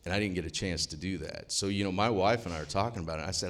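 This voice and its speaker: Deep-voiced profane man. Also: fast talker, hardly any pauses. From US Midwest. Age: 50s. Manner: profane, rambling, joking. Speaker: seminar attendee speaking. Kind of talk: casual talk to a live audience.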